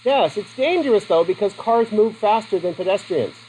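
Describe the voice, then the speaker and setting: A man's voice: high-pitched, animated, moderate pace, a little mellow, breathy edge, low-quality recording. A middle-aged man teaching a class in a joking, conversational way and putting questions to his students. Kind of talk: classroom lecture.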